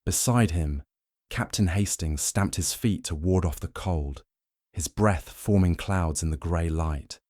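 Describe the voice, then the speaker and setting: A man narrating a mystery audiobook in a measured, dramatic way. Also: deep voice, a little mellow, dry recording, studio quality.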